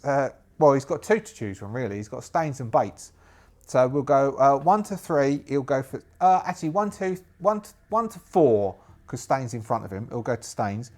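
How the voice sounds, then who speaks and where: A man's voice: on the high side, darkish tone. A man narrating a solo tabletop game, chatty and rambling, laughing to himself. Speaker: game master.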